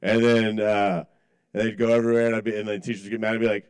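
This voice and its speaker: A man's voice: fairly low pitch, level tone, very fast, clear, resonant tone. A man performing a stand-up set at an open mic, rambling with self-deprecating, apologetic asides. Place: small cafe open mic.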